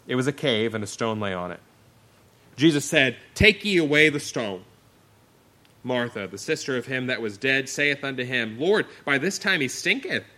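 Bright-voiced man preaching a sermon. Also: mid-range voice. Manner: earnest preaching, reading scripture aloud and explaining it. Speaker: pastor.

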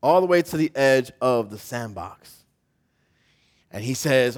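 A pastor preaching a sermon, telling a story with animation and putting questions to the congregation. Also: male voice, mid-range voice, lively intonation, measured pace, pauses often.

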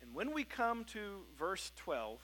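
A middle-aged man, a pastor, preaching a sermon in a relaxed storytelling way, with frequent fillers and restarts. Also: sits high, takes it slowly, poor audio. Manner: conversational storytelling, many fillers and self-corrections.

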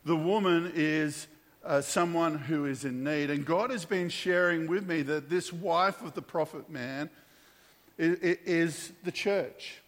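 Pastor preaching in an echoing hall. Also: male voice, fairly high pitch, a little slow. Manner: animated storytelling, voices the characters, frequent restarts. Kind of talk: sermon.

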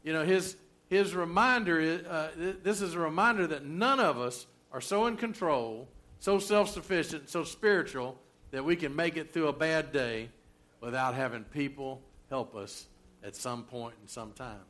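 A man's voice: fairly high pitch, normal speed, a bit bright. A middle-aged man preaching a sermon in a folksy, conversational way, full of rhetorical questions. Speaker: pastor.

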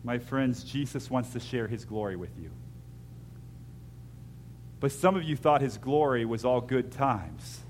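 A man preaching a sermon as pastor, moving between hushed, intimate lines and loud acted-out scenes, with jokey asides. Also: medium pitch, expressive, a little slow, long pauses, slight background noise.

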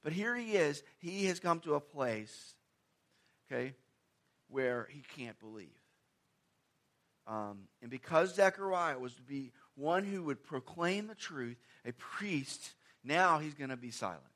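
Higher-voiced male preacher, conversational sermon. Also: animated, unhurried. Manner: conversational, emphatic, with rhetorical questions; swings between loud stressed phrases and quiet asides.

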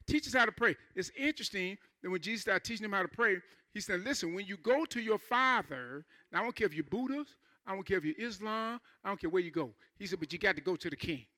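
A male pastor preaching a sermon in church, talking to the congregation in an informal, conversational way and acting out church members in quick asides. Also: high voice, expressive, bright, forceful tone.

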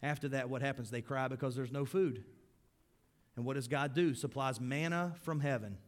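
A man preaching a sermon as pastor, swinging between loud emphasis and hushed, low lines. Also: moderate pace. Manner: acts out grumbling crowd voices in quotes.

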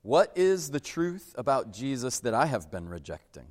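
A man's voice: medium pitch, big pitch swings, normal speed. A man preaching a sermon as a pastor, talking in a conversational way and acting out quoted voices. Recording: long hall reverb.

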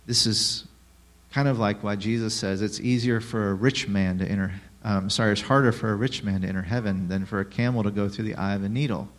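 A man preaching a sermon who asks the listeners rhetorical questions, drops in sarcastic asides and swings between hushed and loud delivery. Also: on the low side, fairly quick. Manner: rhetorical questions, lively shifts in loudness.

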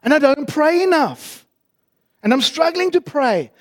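A man's voice: very high-pitched, lively intonation, a little slow, pitched above the performer's own voice. A preacher voicing an anxious, doubting male churchgoer who hesitates and stammers. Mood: fretful.

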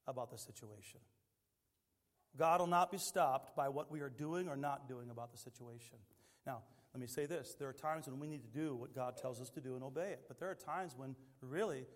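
A man preaching a sermon as pastor, swinging between quiet asides and loud, impassioned pleading. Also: mid-range voice, long reverb tail. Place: church sanctuary.

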